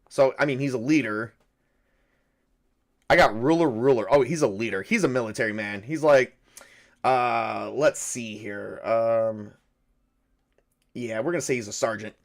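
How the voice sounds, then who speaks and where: Man narrating a solo tabletop game. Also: medium pitch. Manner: thinks aloud, hesitant with many fillers. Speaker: game master and solo player.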